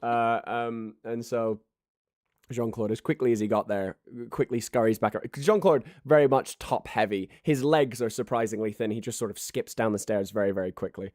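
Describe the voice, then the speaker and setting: A man narrating a tabletop game as game master, lively and quick to slip into character voices. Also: mid-range voice, no echo, studio quality. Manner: animated, yelling in character voices.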